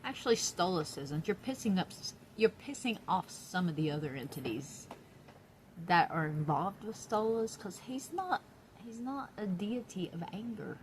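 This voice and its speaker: A woman's voice: mid-range voice, expressive, normal speed, a little hiss or hum. A woman chatting in a casual vlog from her apartment, blunt and profane, laughing often. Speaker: YouTube vlogger. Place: downstairs apartment.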